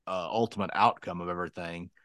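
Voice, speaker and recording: A man's voice: low voice, steady tone, quick pace, a bit bright, no room sound. A man co-hosting a podcast, chatting casually and teasing his co-host with needling questions. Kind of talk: casual chat.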